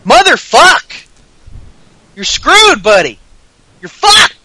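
A man doing an impression of a furious, trash-talking male pro wrestler, shouting profane taunts in a Southern US accent. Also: very high voice, wildly swooping pitch, takes it slowly, slight background noise, pitched above the performer's own voice, exaggerated voice, poor audio.

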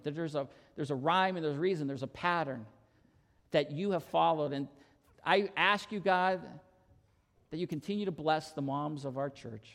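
Male pastor, sermon; earnest storyteller, somewhat high-pitched and gravelly. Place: church sanctuary. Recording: long reverb in church hall.

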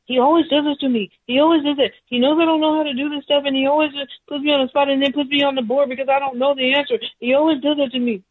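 A man on a phone line voicing an upset young schoolboy in a high, rushed, pleading voice. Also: level tone, dry recording. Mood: aggrieved. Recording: tinny phone line, dry.

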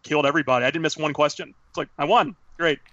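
A man's voice: fairly high pitch, very fast, pushed and bright, no echo. A man hosting a podcast in casual banter, profane and rambling, stumbling over his words. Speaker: podcast host. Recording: dull lo-fi podcast audio.

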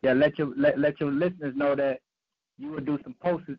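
A man co-hosting a talk radio show, signing off in a halting way with many fillers. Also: fairly high pitch, steady tone, breathy edge, no echo. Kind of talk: casual sign-off. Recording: dry, dull lo-fi line.

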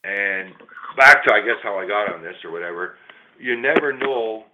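A man's voice: lowish voice, expressive, moderate pace. A middle-aged man, a small business owner, telling a long rambling story in casual chat, swearing freely. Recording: tinny phone-like line, faint hiss.

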